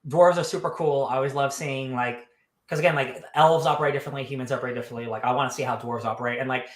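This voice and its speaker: A man's voice: medium pitch, fairly even intonation, racing, reverberant. A man co-hosting a podcast, laid-back and enthusiastic, chatting casually with slang and fillers. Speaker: podcast co-host.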